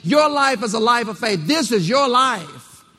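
A man's voice: extremely high pitch, big pitch swings, a little slow, bright, forceful tone, slightly rough. A man preaching a rousing sermon to a congregation, repeating phrases and calling for responses. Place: church. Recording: long reverb of a church hall.

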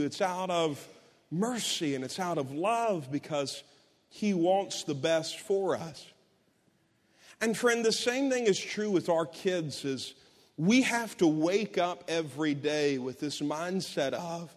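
A man's voice: on the high side, lively intonation, unhurried. A middle-aged man preaching a sermon, telling a personal story in an earnest way with many restarts. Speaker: pastor. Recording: long hall reverb.

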